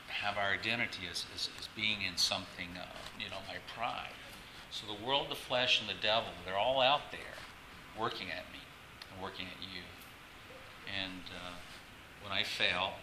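A man pastor giving a casual, halting sermon to his congregation, repeating words and laughing often. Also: sits low. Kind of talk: conversational sermon. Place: church sanctuary. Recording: echoey room, faint ambient noise.

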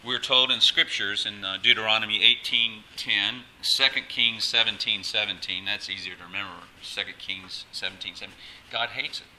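A man's voice: fairly low pitch, fairly even intonation, moderate pace, sharp tone, slight background noise, poor audio. A male pastor preaching a sermon, emphatic and exhorting, often restarting his phrases.

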